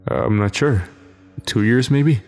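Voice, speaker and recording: A man's voice: medium pitch, slow pace, darkish tone, in a large hall, faint music behind, close to an everyday voice. A man voicing a tired, easygoing soldier, close to his own voice. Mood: weary.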